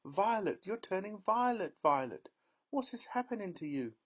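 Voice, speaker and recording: A man's voice: high voice, very animated, normal speed, pitched above the performer's own voice. A man voicing a panicky middle-aged mother who screams in alarm. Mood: panicked.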